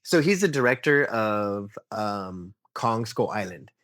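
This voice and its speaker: A young man telling stories in a casual interview, animated and full of fillers, acting out what people said. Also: fairly low pitch, slow. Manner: animated storyteller, acts out quotes, many fillers like "like" and "um". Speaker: podcast guest, toy photographer.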